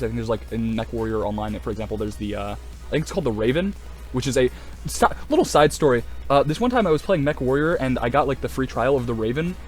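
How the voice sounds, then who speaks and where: A young man rambling excitedly in casual video commentary, swearing a lot and full of fillers. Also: mid-range voice. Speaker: video creator.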